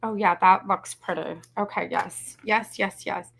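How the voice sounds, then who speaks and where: A woman's voice: mid-range voice, steady tone, a little slow, vocal fry, a bit bright, husky. A woman, chatting casually and rambling as she hosts a craft tutorial. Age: 40s. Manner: chatty, rambling, says "y'all" and "you guys". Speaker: craft video host.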